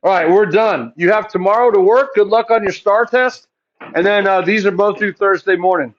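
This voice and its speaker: A man's voice: sits high, normal speed, muffled recording. A man teaching a math class, chatty and joking, asking his students questions and answering them himself.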